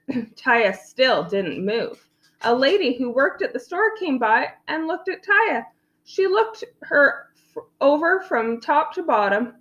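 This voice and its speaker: A woman reading a picture book aloud in an animated way, adding playful asides. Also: a little high, lo-fi sound. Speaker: storyteller.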